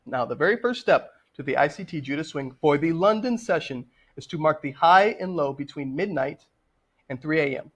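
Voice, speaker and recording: A man's voice: fairly high pitch, lively intonation, moderate pace, breathy edge. A man explaining a trading strategy in a screen-share tutorial, direct and instructive, often checking in with "okay?". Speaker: trading educator.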